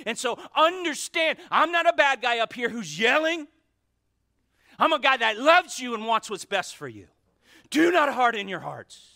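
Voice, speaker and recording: A male pastor preaching a sermon to his church, fervent and shifting between shouts and hushed asides. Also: very high-pitched. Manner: fervent, swings from shouting to near whispers. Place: church sanctuary.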